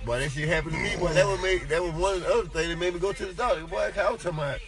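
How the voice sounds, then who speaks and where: A man telling animated, profane anecdotes in casual chat, often ending lines with a drawn-out "boy". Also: high voice.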